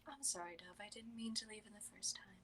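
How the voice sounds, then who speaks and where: A woman voicing a hushed, tender adventurer. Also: mid-range voice, fast, husky. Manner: hushed, soft-spoken. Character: gentle affectionate female adventurer.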